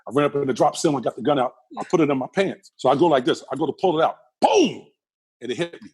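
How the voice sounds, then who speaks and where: With a medium-pitched, husky, slightly mellow voice, a middle-aged interview guest fires off stories at a rapid pace. The casual conversation is animated, full of vivid detail, repeated phrases, and acted-out voices.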